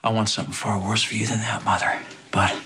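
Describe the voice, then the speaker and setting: A man's voice: on the low side, brisk, background noise, close to an everyday voice. An actor playing a bitter grown son, a doctor, who turns coldly against his mother, in soap opera style. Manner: cold, bitter, then explodes in fury.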